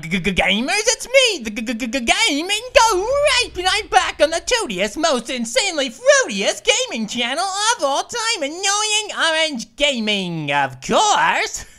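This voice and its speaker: Hyper cartoon game host played by a woman, high squeaky voice, zany stammering commentary. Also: bright, forceful tone, full character voice. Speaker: gaming channel host. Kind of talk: comedic let's play commentary.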